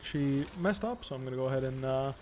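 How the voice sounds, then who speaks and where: A young man giving live commentary while playing a video game, thinking aloud in a calm, analytical way. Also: mid-range voice, fast talker, slight background noise. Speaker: pro gamer streaming.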